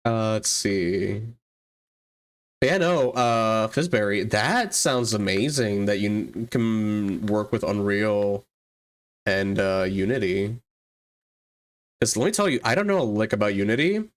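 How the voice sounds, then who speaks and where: A streamer chatting casually on a live broadcast, talking at an unhurried, drawn-out pace. Gets excited easily, laughing, cursing and leaping up in pitch mid-sentence. Speaks straight into a desk mic. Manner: excitable, swears, laughs often, big jumps in pitch. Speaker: livestreamer and 3D artist. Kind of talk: casual livestream chat.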